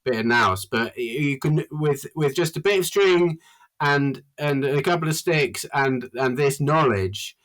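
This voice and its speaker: Halting man chatting in a garden. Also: medium pitch, lively intonation, a bit bright. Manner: halting, lots of fillers, then bursts of emphasis. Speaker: podcast guest. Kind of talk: casual chat. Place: garden outdoors.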